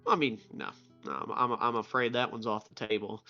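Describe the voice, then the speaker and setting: A man's voice: mid-range voice, steady tone, brisk, vocal fry, pushed and bright, voice pushed down. A man voicing a laid-back dead cowboy with a put-on Southern accent, in dull lo-fi stream audio with faint music behind.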